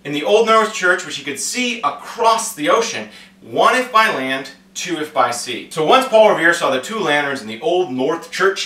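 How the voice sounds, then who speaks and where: A man teaching history in a casual, playful way, acting out quick comic voices as he explains. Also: on the high side, sing-song, sharp tone. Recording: echoey room, voice from a distance.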